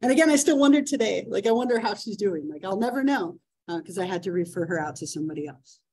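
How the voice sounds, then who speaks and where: A woman's voice: medium pitch, expressive, quick pace, mellow, poor audio. Chatty woman teaching with a story. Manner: chatty, many fillers and "right?" asides. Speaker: psychology instructor. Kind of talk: classroom storytelling lecture.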